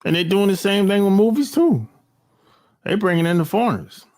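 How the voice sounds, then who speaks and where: Recorded on a cell phone, a man from the United States sounds high-pitched, expressive, and a touch mellow, talking a little fast. He rants casually about his opinions in blunt slang, tossing in mocking asides.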